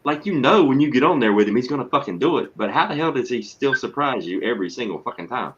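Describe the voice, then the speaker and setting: A man's voice: mid-range voice, quick pace. A man hosting a casual stream, swearing freely and reading out chat messages. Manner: profane, excitable, reads chat aloud. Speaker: streamer host. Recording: muffled lo-fi mic.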